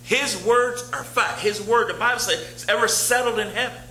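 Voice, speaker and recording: A man preaching from the pulpit, chatty and repetitive as he works through scripture. His voice sits very high and sounds sharp and bright. The room echoes around him, with a faint hum in the background. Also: moderate pace. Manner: conversational preaching, repeats phrases, reads scripture aloud. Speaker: pastor. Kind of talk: sermon. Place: church sanctuary.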